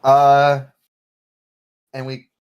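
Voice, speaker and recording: A man's voice: medium pitch, monotone, muffled recording. A man running a tabletop game, narrating scenes and laughing as he quotes the characters. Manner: laughing, swearing, acting out characters in quick quotes. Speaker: game master.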